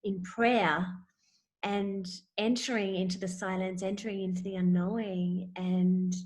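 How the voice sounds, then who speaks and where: Woman guest, mid pitch; halting, searching delivery with frequent repeated words. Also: steady tone, a little mellow. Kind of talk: reflective spiritual conversation.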